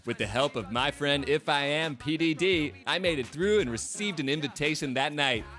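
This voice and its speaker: A man's voice: a little high, expressive, normal speed, sharp tone, soft background music. Wry man in his late twenties narrating. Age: late 20s. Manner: wry, sarcastic storytelling. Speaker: video essay host. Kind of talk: scripted comedic narration.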